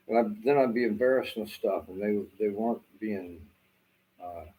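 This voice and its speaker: Here the same kind of speaker, a middle-aged man from Southwest Florida with a Southern accent, rambles casually on camera, swearing freely with many fillers. His lowish voice is unhurried and mellow with a breathy edge. It's a low-quality recording with faint background noise.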